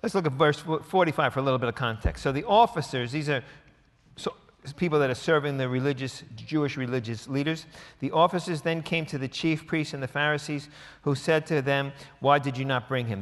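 A man's voice: mid-range voice, fairly quick. Conversational male pastor in a reverberant hall. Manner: conversational, acts out quotes with sarcastic voices. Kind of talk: sermon.

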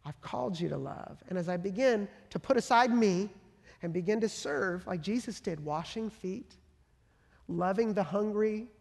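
A pastor preaching a sermon with passion, swinging from loud emphatic bursts to soft hushed lines. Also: mid-range voice, a little slow. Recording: long hall reverb.

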